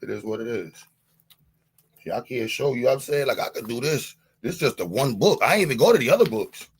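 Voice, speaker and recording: A New man rants on a live stream, taunting and boastful, circling back to the same catchphrases. His voice is husky and a little breathy, pitched at an ordinary middle level. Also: expressive, fast. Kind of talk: heated live-stream rant.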